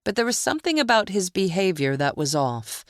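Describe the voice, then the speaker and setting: A woman narrating a psychological thriller audiobook in a measured, deliberate way. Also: mid-range voice, very animated, dry recording, studio quality.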